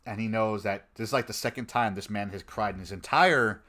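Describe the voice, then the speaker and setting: A man hosting a fan podcast, chatting casually and excitedly, with frequent laughs and fillers. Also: lowish voice, a little fast. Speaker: podcast host.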